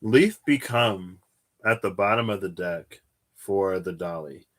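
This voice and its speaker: A man's voice: low voice, a little slow. Tired man musing over tarot. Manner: musing, chatty, drifts into laughs and sighs. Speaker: tarot reader. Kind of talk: casual solo tarot livestream.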